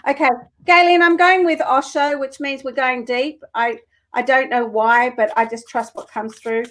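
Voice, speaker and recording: A woman's voice: high-pitched, fairly even intonation, normal speed, a bit bright. Earnest woman doing spiritual card readings. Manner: earnest, emotional, sweary. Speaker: co-host reading cards for viewers.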